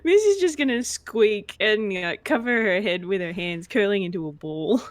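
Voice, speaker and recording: A woman player in a tabletop game who speaks hesitantly, with soft exclamations and pauses. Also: medium pitch, lively intonation, dry recording.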